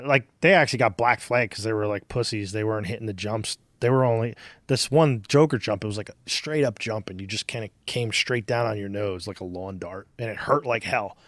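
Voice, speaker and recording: A man's voice: fairly low pitch, a bit bright, no echo. Rambling, cursing male podcast host. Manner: profane, rambling storyteller with many fillers. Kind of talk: casual podcast chat.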